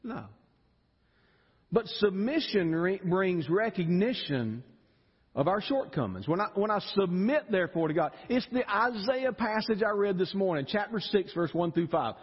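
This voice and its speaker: A man's voice: sits high, moderate pace, breathy edge, long reverb tail, dull audio. A man preaching an emotional evening sermon, often repeating words as he builds. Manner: animated, emotional, repeats words when stirred. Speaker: pastor. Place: church sanctuary.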